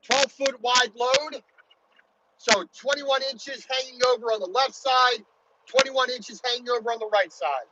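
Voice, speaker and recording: A Baltimore truck driver with a very high-pitched voice talks a little slowly from his cab for a casual driving vlog. He rambles, restarts sentences, and says "you know" a lot. The recording is muffled, with heavy engine and road rumble behind him.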